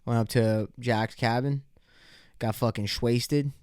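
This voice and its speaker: A man's voice: medium pitch, steady tone, slow pace, darkish tone, clear, resonant tone, dry recording, studio quality. A young man hosting his own podcast, talking in a loose, profane, rambling way full of bro slang, acting out little scenes with cops. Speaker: podcast host. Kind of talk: casual solo podcast rant.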